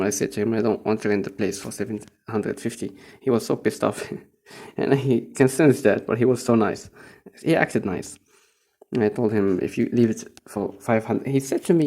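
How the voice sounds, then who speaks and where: Young male teacher from Morocco, gravelly mellow voice, loose and profane spoken-diary monologue. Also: mid-range voice. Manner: rambling, profane, chuckling storyteller.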